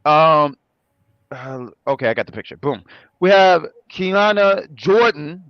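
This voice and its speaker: A man co-hosting a casual review chat, animated and joking, often correcting himself. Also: fairly high pitch, slow pace, no echo, highs cut off. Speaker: co-host.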